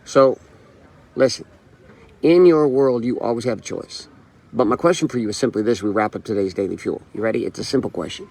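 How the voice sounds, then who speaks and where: In a motivational monologue, a male show host with a medium-pitched, darkish voice speaks fairly quickly and bluntly. He swears, hammers points through repetition, and tells stories with quoted back-and-forth dialogue.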